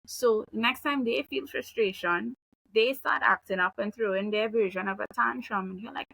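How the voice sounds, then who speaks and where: A woman in her thirties, a behavioral analyst, giving parenting advice in a relaxed, chatty way and acting out example phrases. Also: medium pitch, normal speed, gravelly, husky, no echo, low-quality recording. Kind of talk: casual advice conversation.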